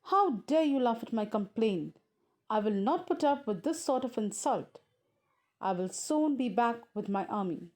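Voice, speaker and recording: A woman's voice: a little high, expressive, moderate pace, a little mellow, natural voice. Brief: offended male king, indignant and threatening, read by a woman. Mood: angry. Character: angry male neighboring king.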